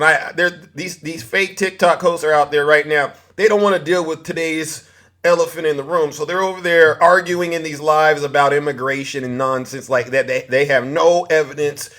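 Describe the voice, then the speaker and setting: Boastful high-voiced man hosting a live. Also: moderate pace, fairly bright tone. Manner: theatrical and boastful, laughing often; greets viewers by name while talking. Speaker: livestream host. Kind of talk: TikTok live commentary.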